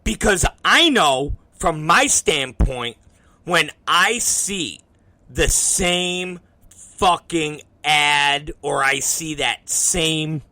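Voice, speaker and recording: A man's voice: a little high, expressive, very slow, pushed and bright, no echo. A man hosting his own show, talking casually and swearing often while acting out both sides of conversations he has had. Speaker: podcast host. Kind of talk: casual profane monologue.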